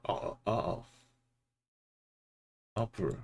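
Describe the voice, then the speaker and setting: Brief: low, gravelly male streamer, unhurried, playful muttered commentary. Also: lively intonation. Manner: mutters place names, playful asides. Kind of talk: casual live-stream commentary while playing.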